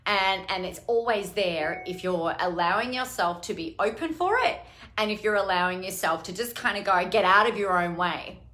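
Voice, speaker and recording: A woman's voice: medium pitch, moderate pace, a bit bright. A middle-aged woman coach talking casually on a live stream, chatty and rambling, with some casual swearing. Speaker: online business coach.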